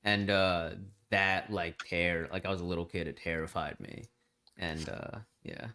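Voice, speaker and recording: A man's voice: deep voice, steady tone, unhurried, sharp tone. A young man co-hosting a podcast, laid-back and casual, with mumbled asides and easy swearing. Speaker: podcast co-host. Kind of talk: casual chat.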